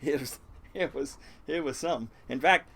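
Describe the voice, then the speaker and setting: The older fishing captain here speaks at normal speed with a higher pitch, some vocal fry, a slightly bright quality, and a breathy edge. Interviewed casually, he rambles through stories, cursing freely and chuckling through repeated restarts.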